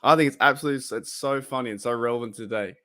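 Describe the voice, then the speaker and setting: A man's voice: mid-range voice, rapid-fire, pushed and bright. A man with an Australian accent hosting a football watch-party live stream, chatting casually and reacting aloud to the game.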